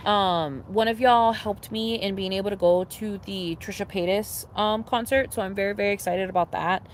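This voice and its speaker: A young woman chatting casually on a livestream, rambling with lots of fillers and restarts, swearing freely and getting excitable. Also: mid-range voice, normal speed, slight background noise. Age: young adult. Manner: animated, laughing and excitable. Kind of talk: casual chat to a live audience.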